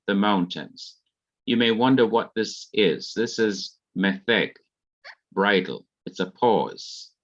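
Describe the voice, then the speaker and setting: A Jamaican man teaches a class, walking slowly and deliberately through each grammar rule. His voice sits fairly low and comes through muffled, dull online audio. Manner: slow, careful explanation of grammar rules. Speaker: Hebrew teacher. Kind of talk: online revision lecture.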